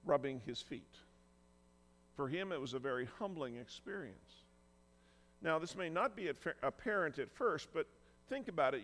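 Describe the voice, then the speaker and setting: A man's voice: fairly high pitch, a bit bright, big-room sound. A man preaching a sermon as pastor, earnest and emphatic, acting out quoted lines with feeling.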